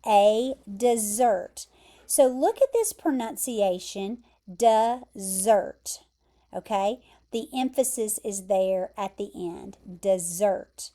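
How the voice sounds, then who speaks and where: A woman with an American accent teaching English vocabulary, explaining word pairs carefully and repeating pronunciations clearly. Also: mid-range voice, animated, slow pace, warm tone. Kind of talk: vocabulary lesson.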